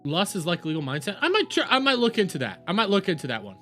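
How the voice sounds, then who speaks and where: A man streaming a reaction video, talking casually with profanity and mockery, jumping from shouts to low mutters. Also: wildly swooping pitch, fast talker, soft background music. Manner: loud, profane, mocking, swings between shouts and mutters. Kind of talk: casual livestream reaction commentary.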